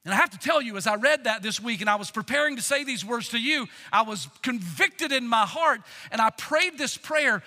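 A man preaching a sermon as pastor of his church, impassioned, swinging from loud to near whispers. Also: high voice, expressive, moderate pace. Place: church sanctuary. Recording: long reverb in a church hall.

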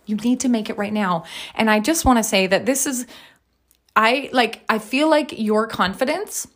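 A woman's voice: fairly high pitch, moderate pace, a bit bright. A woman in her thirties hosting a podcast as a wellness coach, talking candidly and emphatically about her own life and swearing often. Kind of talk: candid personal monologue.

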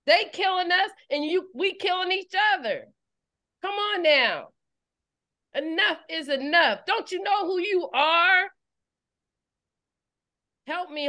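Pushed and bright, this woman's high voice carries a fiery sermon for an online service. As the preacher, she repeats phrases for emphasis while the call-and-response intensity climbs.

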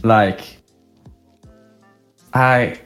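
A man's voice: mid-range voice, fairly even intonation, drawn-out words, a bit bright, soft background music. A young man from Sweden co-hosting a casual podcast, rambling through stories and laughing often. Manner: giggly, rambling storyteller. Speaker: podcast co-host. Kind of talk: casual chat. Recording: roomy echo.

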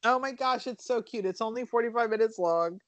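A woman co-hosting a casual podcast, rambling through movie plots in an animated way, with fillers and the odd swear. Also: on the high side, brisk, no echo. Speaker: podcast co-host reviewing horror films.

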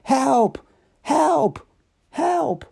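Man doing a frantic cowardly man, shrill, very high, yelling for help, audiobook. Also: expressive, drawn-out words, vocal fry, heavily acted.

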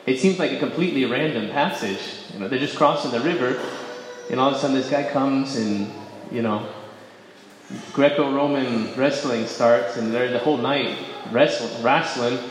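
A man's voice: mid-range voice, a little hiss or hum. A man giving a personal faith testimony to an audience, talking conversationally, correcting himself and breaking into bursts of emphasis. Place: large echoey hall before an audience. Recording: echoey hall with long reverb.

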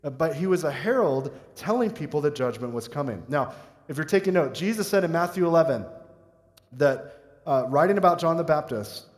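A man's voice: fairly high pitch, expressive, brisk, in a large hall. A man preaching a sermon in a conversational, joking way, often asking the congregation questions. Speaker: pastor.

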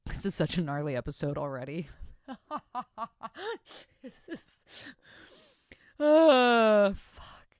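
A podcast host, a woman with a slightly low voice, talks casually and swears freely. She reads out listener stories and breaks off into exaggerated, disgusted reactions. The sound is dry and close. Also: moderate pace, darkish tone, no echo. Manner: crude, profane, swings into mock-disgusted reactions.

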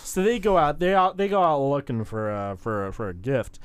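Lively man recapping in a dry room. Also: a little high, moderate pace, clean tone, no room sound. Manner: animated storyteller acting out scenes. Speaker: podcast host. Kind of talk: casual episode recap chat.

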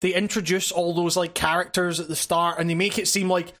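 A co-host in casual gaming chat, halting and repeating words, swearing often. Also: medium pitch, steady tone, fairly bright tone.

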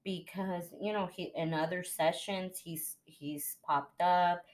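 A young woman with a slightly low voice tells a heartfelt personal story on a podcast. She chats casually and acts out the people she quotes. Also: steady tone, slow, darkish tone. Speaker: podcast host. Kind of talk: casual chat.

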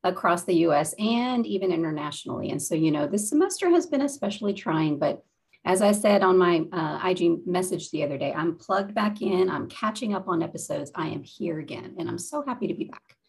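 A woman's voice: lowish voice, expressive, a little fast, vocal fry, darkish tone, husky. A woman co-hosting a podcast, teasing and upbeat in casual chat. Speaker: guest co-host.

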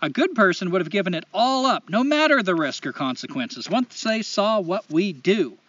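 A man's voice: high voice, lively intonation, moderate pace, fairly bright tone, no room sound, far from the mic, muffled recording. A man co-hosting a podcast, talking casually and launching into blunt, profane rants. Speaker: podcast co-host. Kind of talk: casual podcast chat and ranting monologue.

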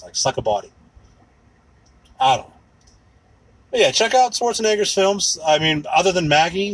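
Profane, ranting, animated man podcaster. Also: fairly high pitch, husky, no room sound, rough recording. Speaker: podcast host. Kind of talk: casual solo podcast rant.

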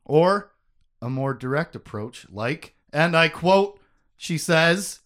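A man hosting a casual book-discussion podcast, recapping the story with jokes and quick asides. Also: a little high. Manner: animated, joking, quick asides. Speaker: podcast host.

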